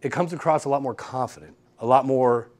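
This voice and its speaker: A young man giving an energetic workshop lecture in a classroom, repeating key points and checking in with the room. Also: mid-range voice, fairly quick. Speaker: guest lecturer. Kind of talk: university workshop talk.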